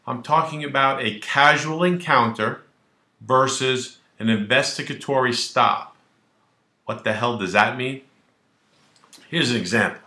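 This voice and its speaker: A man's voice: medium pitch, measured pace, pauses often, pushed and bright, reverberant. A male attorney explaining the law in a casual, colloquial way, acting out little scenes as he goes. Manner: colloquial and wisecracking, acts out quoted dialogue. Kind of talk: legal explainer video, casual direct-to-camera talk.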